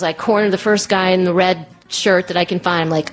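A woman with a low-pitched voice tells a personal story to an audience, animated and breathless. Her delivery is self-deprecating and quick to dramatize. Faint music sits in the background.

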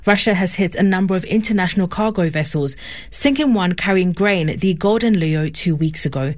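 A woman presenter reading a scripted news introduction in a steady, formal way. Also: fairly low pitch, moderate pace.

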